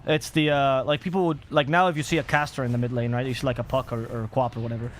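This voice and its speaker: A man commentating in casual panel chat, animated and opinionated, speaking over faint background noise. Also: medium pitch, rapid-fire. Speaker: esports commentator.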